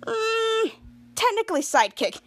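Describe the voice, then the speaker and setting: A woman voicing a dry, sarcastic teenage girl, speaking deadpan. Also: extremely high pitch, measured pace, pitched above the performer's own voice, exaggerated voice.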